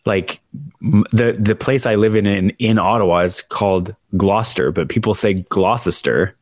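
A man's voice: on the low side, steady tone, normal speed, darkish tone, no room sound, clean studio sound. A man co-hosting a podcast in casual chat, joking and wry, steering the talk along. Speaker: podcast co-host.

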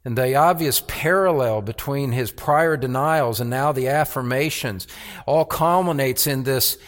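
A man's voice: medium pitch, a little slow. A man preaching a sermon as pastor, earnest, with repeated words and rhetorical questions.

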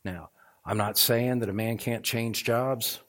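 A middle-aged male pastor preaching a sermon, moving from calm teaching to fervent, emphatic passages. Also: medium pitch, measured pace.

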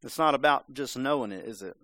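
A man's voice: medium pitch, fairly quick, pushed and bright, dry recording. A man preaching a sermon in a conversational, emphatic way, sometimes acting out voices. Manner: conversational, emphatic, acts out the serpent's lines.

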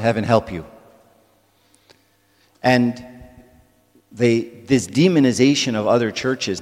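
A man's voice: mid-range voice, long reverb tail. A man giving a conversational church talk to a congregation, often checking in with "right?". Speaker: church speaker.

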